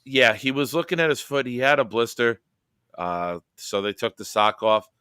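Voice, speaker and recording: A man's voice: mid-range voice, normal speed, sharp tone, smooth, dry recording, clean studio sound. A man hosting a livestreamed show in casual sports chat. He tells stories with lots of animation and swears freely.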